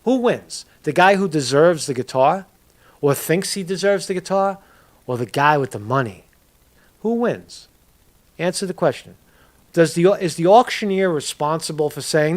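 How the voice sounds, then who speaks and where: A man's voice: fairly high pitch, lively intonation, normal speed. A man giving a casual commentary video, ranting in a profane, rambling way and tagging lines with "right?". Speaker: political commentator.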